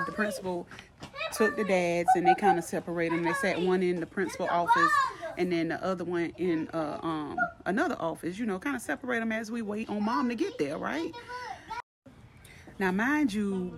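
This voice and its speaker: A woman telling a storytime about her school front-office job in a chatty, lively way, acting out everyone's quoted lines. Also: on the low side, background noise. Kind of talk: casual storytime vlog.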